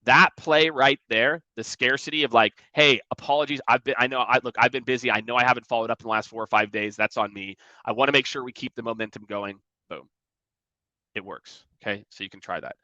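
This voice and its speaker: A man giving energetic sales coaching in a conversational way, often acting out emails and calls in mocking voices. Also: medium pitch, brisk, no echo, muffled recording. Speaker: sales trainer.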